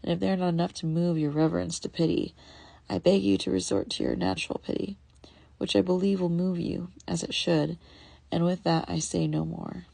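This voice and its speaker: Brief: woman reading as a starving young male beggar, pleading, low and gravelly. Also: mellow, no room sound. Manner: pleading, slow and drawn out. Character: starving ragged young man begging in many tongues.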